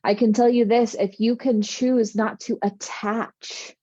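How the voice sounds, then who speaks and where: Middle-aged woman coaching on inner peace, mellow and dry, a bit muffled. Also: a little high, level tone, a little slow, husky, no echo. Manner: earnest, soothing, reassuring. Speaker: spiritual coach. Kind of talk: motivational talk.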